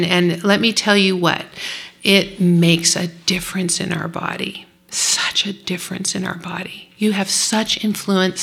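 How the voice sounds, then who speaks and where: A woman's voice: on the low side, pushed and bright. A woman leading a women's Bible study, teaching and praying in an earnest, encouraging way.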